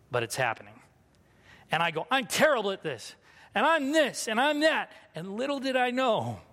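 A man's voice: medium pitch, fairly bright tone. A man in his thirties preaching a sermon, telling a personal story in a candid, self-mocking way. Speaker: pastor. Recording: long hall reverb.

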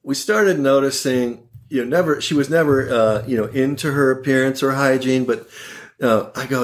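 Medium pitch, ordinary speed: a man of about sixty, an oral surgeon, guesting on a podcast. His casual storytelling about his family is comic and animated, with a wry laugh and quoted voices woven in.

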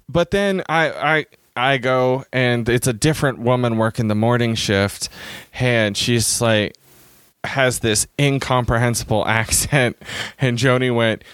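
A man's voice: medium pitch, a little slow, fairly bright tone, smooth, no room sound, studio quality. A man telling rambling, self-mocking travel stories in a casual chat, acting out the people he quotes.

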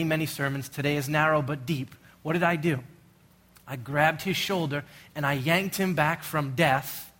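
A man's voice: on the high side, fairly bright tone. A middle-aged male pastor preaching a sermon in an earnest, urgent way, full of rhetorical questions.

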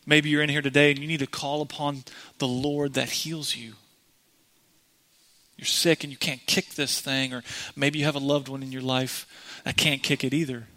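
A man's voice: mid-range voice, level tone, moderate pace, sharp tone. A man preaching a sermon in a church, speaking earnestly and directly to the congregation. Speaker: pastor.

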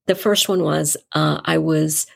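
Her voice is husky and gravelly, sitting toward the low side, and she speaks a little slowly. This middle-aged woman founded a nonprofit and, as an interview guest, shares anecdotes conversationally, animatedly acting out the dialogue within them.

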